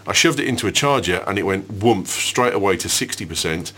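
A man's voice: low-pitched, expressive, fairly quick, hardly any pauses, fairly bright tone. A man hosting a casual tech podcast, bantering cheekily and laughing often. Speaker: podcast host.

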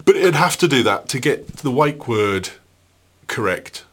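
A man's voice: medium pitch, very animated, measured pace. A man casually chatting as a podcast co-host, telling family anecdotes and laughing at them. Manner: anecdotal storyteller, laughs at his own stories. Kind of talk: casual chat.

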